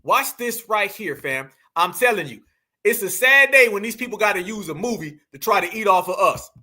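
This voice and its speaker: A man's voice: high voice, animated, moderate pace, sharp tone. A man hosting a reaction commentary, talking to viewers as family in a mocking, emphatic way. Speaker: commentary channel host.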